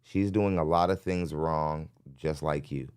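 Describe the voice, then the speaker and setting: Deep-voiced, blunt male podcast host. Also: a little slow, darkish tone, smooth. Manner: blunt, laughing, addresses chat directly. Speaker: podcast host reacting to a clip. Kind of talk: live reaction commentary. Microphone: studio mic.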